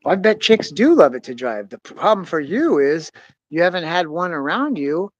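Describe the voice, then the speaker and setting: A young man telling a story in casual, profane chat, swinging between loud bursts and quiet mutters. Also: fairly high pitch, sing-song, normal speed, dry recording, lo-fi sound. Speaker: podcast host.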